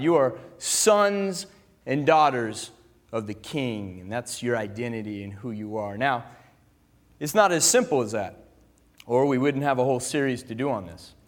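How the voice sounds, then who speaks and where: A man preaching a sermon to a congregation in an animated, joking way, having them repeat words back to him. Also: medium pitch. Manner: calls for the audience to repeat words. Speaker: pastor. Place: church gathering room with listeners.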